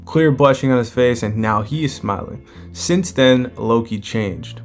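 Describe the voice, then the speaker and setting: A man giving a relaxed, casual recap of a manga chapter and chuckling as he retells its scenes. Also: medium pitch, a little slow, soft background music.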